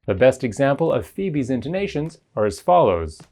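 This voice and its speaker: A teacher reading a scripted narration that explains pronunciation in an even, explanatory way. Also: mid-range voice, normal speed. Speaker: English teacher.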